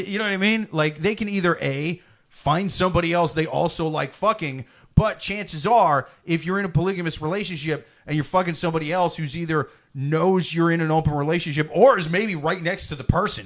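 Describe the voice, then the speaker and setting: A man hosting a comedy podcast, chatting casually and animatedly, swearing freely and slipping into loud mock voices. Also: fairly high pitch. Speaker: podcast host.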